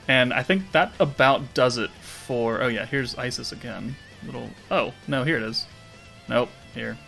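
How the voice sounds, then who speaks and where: A man's voice: mid-range voice, measured pace, creaky, bright, forceful tone, soft background music. A man hosting a gaming channel, giving casual commentary and thinking aloud in a loose, rambling way with fillers.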